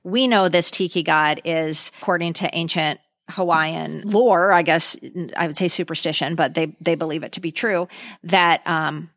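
A middle-aged woman hosting a casual podcast chat, a lively storyteller who acts out what people said. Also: fairly low pitch, normal speed, no room sound, clean studio sound. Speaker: podcast host.

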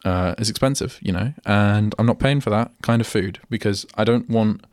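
A man's voice: fairly low pitch, moderate pace, a little mellow, no room sound. Rambling young man on student radio. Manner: rambling, self-interrupting, chatty. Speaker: radio host. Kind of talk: casual solo radio chat. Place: radio studio.

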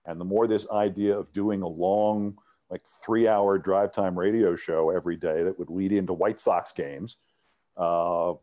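Low, mellow-voiced middle-aged man telling stories. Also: measured pace, highs cut off. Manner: animated anecdote teller with frequent restarts. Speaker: interview guest, former sports TV host. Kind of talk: storytelling interview.

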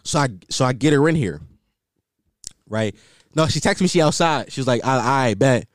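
Animated, crude-talking man telling a story. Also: mid-range voice, moderate pace, dry recording, clean studio sound. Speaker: podcast host. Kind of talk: casual storytelling monologue.

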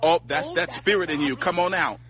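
A man's voice: on the high side, brisk, crowd noise. A man in a filmed street confrontation, preaching at a stranger in a mocking way and laughing between rebukes.

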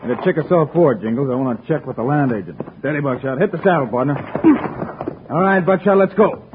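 A man playing Wild Bill Hickok, steady marshal. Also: mid-range voice, quick pace, natural voice. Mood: calm. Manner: calm, firm, commanding. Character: steady heroic frontier marshal, calm and firm. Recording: tinny old radio recording with faint hiss.

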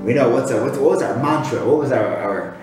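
A man giving a weekly Torah talk, animated, asking rhetorical questions and often restarting his sentences. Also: mid-range voice, fairly quick. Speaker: Torah speaker. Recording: very echoey room with loud guitar music.

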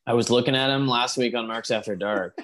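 A man co-hosting a podcast, relaxed and joking crudely while he watches a wrestling match, laughing often. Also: medium pitch, fairly quick. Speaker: podcast co-host. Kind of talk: casual watchalong chat.

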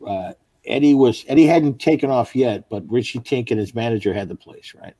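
Gravelly-voiced middle-aged male comic. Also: mid-range voice, animated, brisk, dark tone, no echo. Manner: rambling, profane storytelling. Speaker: stand-up comedian. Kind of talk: casual podcast chat.

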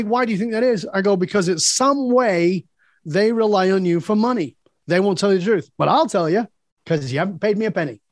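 Brief: male guest, higher pitch, blunt and animated storyteller, dry close sound. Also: no echo. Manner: blunt, storytelling, acts out quoted dialogue, swears freely. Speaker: podcast guest, leadership speaker. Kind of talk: casual interview conversation.

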